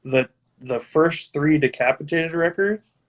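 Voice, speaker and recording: On a live video chat, a male guitarist guest talks in a voice on the high side, a little slowly. He stays relaxed, laughing frequently and cursing from time to time.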